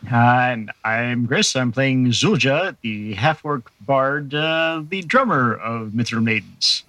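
A man recapping a tabletop game in casual, profane, animated storytelling. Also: medium pitch, slow pace, no room sound. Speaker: player.

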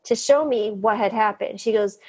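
A middle-aged woman doctor telling lively stories in an interview, laughing often and mimicking the people she quotes. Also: medium pitch, moderate pace, breathy edge. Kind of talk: storytelling in an interview.

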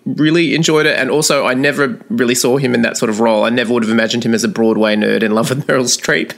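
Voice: mid-range voice, quick pace, creaky. A podcast co-host reviewing a film in casual chat, with wry asides. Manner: animated, wry, chuckling asides.

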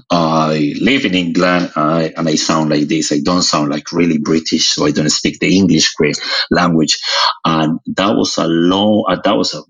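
A male photographer who lives in England joins a live audio show as a guest for casual conversation. His voice is very deep and slightly rough, captured on a low-quality recording. He talks expressively and keeps leaning on the filler "it's like."

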